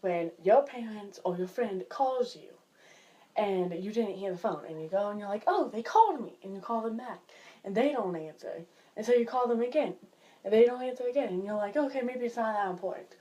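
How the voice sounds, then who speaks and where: A teenage girl vlogging from home, chatting and complaining in an exasperated way while acting out everyday scenes in lively voices. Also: medium pitch, moderate pace. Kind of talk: casual vlog rant. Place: her home, indoors.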